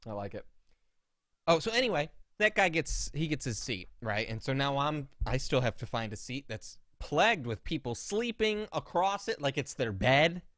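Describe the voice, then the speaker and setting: Medium-pitched and at a normal speed, this male podcast co-host comes through a dry, clean studio recording. In relaxed conversation he spins indignant, lively stories, voicing the quotes himself.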